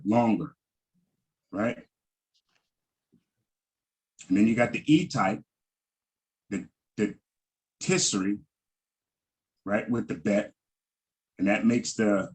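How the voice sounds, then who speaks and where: A man teaching a Hebrew vowel lesson over a video call, halting and repeating words and often checking in with "right?". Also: fairly low pitch, darkish tone, low-quality recording.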